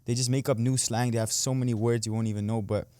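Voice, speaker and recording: A man's voice: medium pitch, little pitch movement, fast talker, dark tone, clear, resonant tone, no echo. A young man from Canada, an online creator and amateur boxer, chatting casually as a guest and trailing off with lots of "like". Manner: laid-back, laughs easily, trails off with "like". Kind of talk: casual interview chat.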